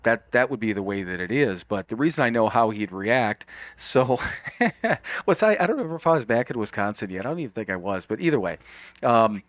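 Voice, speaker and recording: A man's voice: on the low side, animated, brisk, dry recording. A man co-hosting a podcast in casual chat, telling a story in a rambling way with frequent restarts, mild profanity and bursts of hard laughter. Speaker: podcast co-host.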